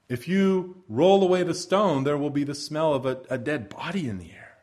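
A man preaching a sermon, his voice sitting a little higher than most men's. His delivery is lively and full of movement, dropping to hushed tones and then rising into loud proclamations. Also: normal speed, hardly any pauses. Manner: expressive preaching, swinging from soft hushed lines to loud proclamations. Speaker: pastor.

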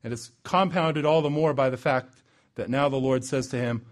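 A man preaching a sermon, building to loud emphatic peaks and dropping low and slow for weight. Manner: dramatic swings in pitch and loudness, slows for emphasis.

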